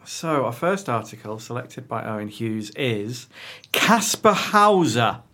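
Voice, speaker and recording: A man's voice: mid-range voice, animated, takes it slowly, bright, forceful tone. A man hosting a casual podcast, reading an article aloud with wry jokey asides. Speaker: podcast host.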